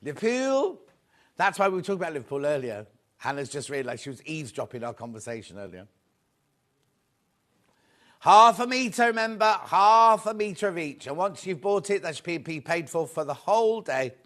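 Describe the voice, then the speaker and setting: A man's voice: on the high side, very animated, moderate pace, a bit bright. A man presenting a live shopping show, upbeat and chatty, greeting viewers by name as he sells fabric.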